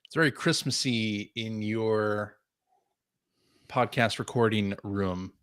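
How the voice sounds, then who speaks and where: Bright, clear-voiced man chatting casually. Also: fairly low pitch, fairly even intonation, slow pace, dry recording, studio quality. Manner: upbeat, laughs often. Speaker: podcast co-host. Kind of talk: casual chat.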